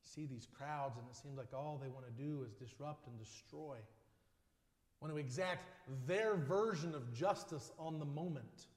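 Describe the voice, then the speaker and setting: A male pastor delivering a sermon in measured phrases, building on repeated lines and often dropping to a soft voice. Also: a little high. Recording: echoey hall with long reverb.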